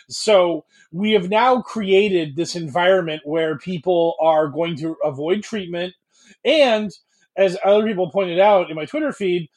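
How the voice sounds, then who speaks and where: Exasperated podcast co-host with a slightly high voice who rants at length. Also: male voice. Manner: exasperated ranting. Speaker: podcast co-host, hospital worker. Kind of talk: casual chat.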